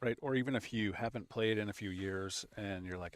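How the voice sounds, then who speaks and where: Man, somewhat low voice, tournament co-commentator, joking, rambling banter. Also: brisk. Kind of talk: casual game commentary.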